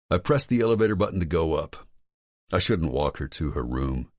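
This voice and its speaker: Male romance audiobook narrator, extremely deep, lively intonation, close and dry. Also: a little fast, dry recording.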